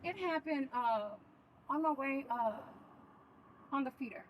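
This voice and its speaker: A woman suspected of a hit-and-run answering police haltingly and defensively. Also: sits high, a little hiss or hum, poor audio. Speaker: suspect driver. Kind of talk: police questioning.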